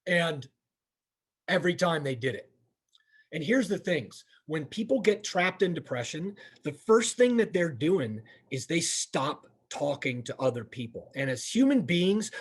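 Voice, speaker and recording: A man's voice: fairly high pitch, lively intonation, a little slow, slightly rough. A middle-aged man, an instructor, giving a candid, plainspoken training talk and retelling conversations, often restarting his sentences. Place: training session room.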